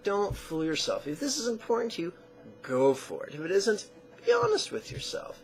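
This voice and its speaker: A man teaching an online lesson, guiding the listener through call-and-response chanting in a slow, deliberate coaching manner. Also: high voice, wildly swooping pitch, faint music behind. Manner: chants syllables slowly and drawn out. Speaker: mantra teacher.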